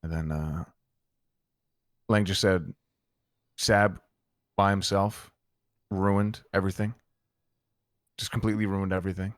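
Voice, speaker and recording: A man's voice: low voice, steady tone, measured pace, long pauses, no echo, studio quality. A man in character in an online roleplay, telling a heated, profane story to a friend. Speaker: roleplay gang member recounting events.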